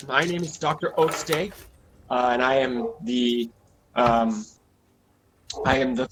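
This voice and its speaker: A man's voice: mid-range voice, a bit bright, a little hiss or hum. Man doing a panicked woman doctor. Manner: gasping, breathless, stammering. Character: panicked young woman asylum doctor, frightened.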